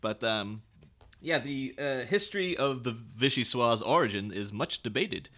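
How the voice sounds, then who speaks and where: A man co-hosting a podcast, telling stories in a rambling, animated way with lots of fillers. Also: mid-range voice, unhurried. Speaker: podcast co-host. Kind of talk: casual chat.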